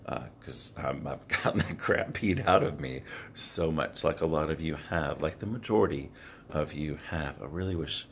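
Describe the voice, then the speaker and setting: A man with an extremely deep voice and a heavy gravelly fry talks to his phone camera, held close to his face. It is early and his voice is scratchy before any tea or water. He speaks earnestly and haltingly, with many fillers and restarts, over faint background noise. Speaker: vlogger. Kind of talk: rambling motivational vlog to camera.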